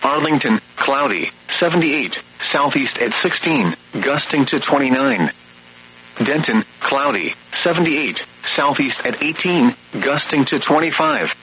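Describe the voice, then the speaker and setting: A man's voice: medium pitch, measured pace, bright, forceful tone, slight background noise, low-quality recording. A synthetic male voice giving an automated weather radio readout, listing readings and forecasts in clipped, evenly paced phrases.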